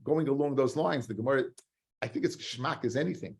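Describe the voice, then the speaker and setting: A man's voice: mid-range voice, a little fast, creaky. A man, a rabbi teaching a Talmud study lesson. He repeats phrases for emphasis and mixes Hebrew and Aramaic terms into his English. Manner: animated, swings between loud emphasis and quiet earnest stress, repeats phrases.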